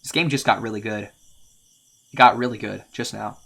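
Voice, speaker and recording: A man's voice: lowish voice, fairly even intonation, vocal fry, fairly bright tone. Profane, rambling male game streamer. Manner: rambling, profane, halting restarts. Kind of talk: casual gameplay commentary.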